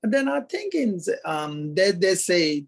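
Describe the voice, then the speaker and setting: A Tibetan-accented man in his fifties recounts his experience in an interview. His speech is slightly raised in pitch and comes slowly, broken by frequent hesitations and fillers as he searches for words in English, his second language after Tibetan. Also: big pitch swings. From Kham, Tibet. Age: 50s. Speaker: Buddhist lama telling his story. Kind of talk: halting interview storytelling.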